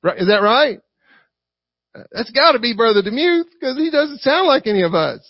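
A man with a Southern US accent preaching a lively sermon, acting out quotes and asking the congregation for responses. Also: very high-pitched, normal speed, no echo. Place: church. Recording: dry, dull lo-fi recording.

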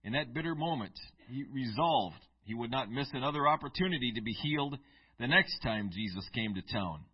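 A man's voice: mid-range voice, expressive, fairly quick, breathy edge, muffled recording. A male pastor reading scripture aloud and then preaching a sermon in a conversational storytelling manner with asides to the congregation.

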